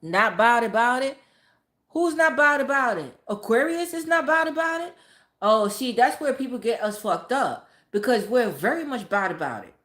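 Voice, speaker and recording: A woman's voice: fairly high pitch, animated, normal speed, fairly bright tone. Blunt, profane woman in an echoey room. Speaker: vlogger. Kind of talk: casual motivational rant.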